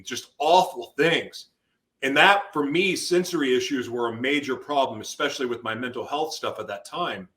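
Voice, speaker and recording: A male interview guest with a mid-range, pushed, bright voice shares an intense personal testimony. His voice rises into sudden emotional outbursts.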